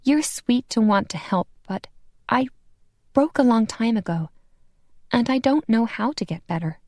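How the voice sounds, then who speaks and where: A woman's voice: fairly high pitch, animated, measured pace, warm tone, no echo, studio quality, voice pushed up. A woman voicing a wry, defensive, hot-tempered female vampire in an audiobook. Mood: guarded. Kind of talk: audiobook character voice.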